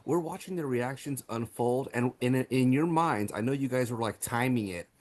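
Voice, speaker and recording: A man in the middle of a relaxed podcast chat about a horror film, his voice sitting at an ordinary pitch. He talks with loose enthusiasm, piling up fillers and starting sentences over as he goes. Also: moderate pace. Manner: enthusiastic, many fillers and restarts. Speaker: podcast co-host. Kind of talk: casual movie review chat.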